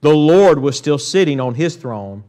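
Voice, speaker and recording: A man preaches in a church sanctuary. His voice sits a little high for a man. He reads Scripture aloud and often turns to call out to the congregation. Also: animated, unhurried, dark tone. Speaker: pastor. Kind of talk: sermon.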